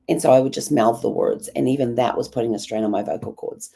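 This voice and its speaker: Hoarse, raspy New Zealand woman. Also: a bass voice, quick pace, hardly any pauses, warm tone. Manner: rambling, many ums and restarts. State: hoarse from a bad cough. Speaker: journalling vlogger. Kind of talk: casual reflective monologue.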